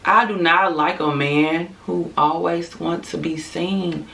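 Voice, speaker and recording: A woman vlogger speaks her mind in a casual, unfiltered rant, swearing freely and dropping quick asides to her viewers. Her voice is bright and clear in tone. She sits a little back from the microphone. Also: low-pitched, recorded from a distance. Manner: blunt, profane, candid, with frequent asides and laughs. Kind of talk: casual opinion rant to camera.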